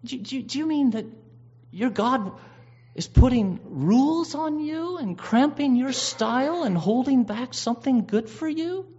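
A man's voice: extremely high pitch, lively intonation, unhurried, mellow, pitched above the performer's own voice. A man putting on the voice of a sly, tempting serpent-devil who needles and mocks in a rising, incredulous tone. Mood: mocking. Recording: dull lo-fi recording.

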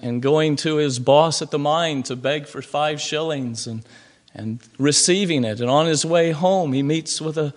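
A male preacher telling a story in a sermon, pausing now and then with "uh" fillers. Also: medium pitch.

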